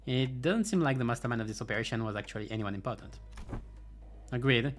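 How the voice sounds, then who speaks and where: A man reading out a game's story dialogue, with dry, sarcastic remarks thrown in between the lines. His voice sits at a middling pitch, and faint music plays in the background. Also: fast talker. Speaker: game streamer.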